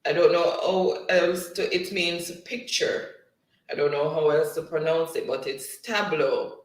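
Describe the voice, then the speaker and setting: A man's voice: fairly high pitch, fairly even intonation, unhurried. A man hosting a live-stream spelling quiz in a casual, chatty way, reading viewers' comments aloud and laughing often. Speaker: livestream quiz host. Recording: echoey room, distant mic.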